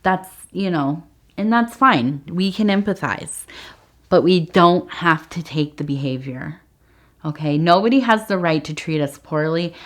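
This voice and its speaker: Her voice is on the low side with lively intonation, and she talks a little slowly while signing off casually from a tea leaf reading. Emotion pushes her toward tears as she rambles with hesitant fillers, earnest and fond toward her viewers.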